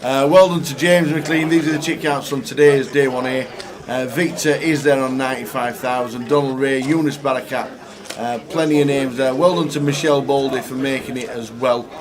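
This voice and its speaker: A man's voice: mid-range voice, fairly even intonation, normal speed. A man commentating a poker live stream, upbeat and chatty, wrapping up the day's results. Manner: upbeat, chatty, wraps up with thanks. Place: poker room at a live event. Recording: noisy crowd behind.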